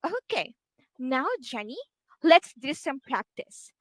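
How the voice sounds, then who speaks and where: A woman teacher with a Filipino English accent, giving a slow, encouraging online phonics lesson to a child and modelling each sound for her. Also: high voice, lively intonation, no room sound, poor audio.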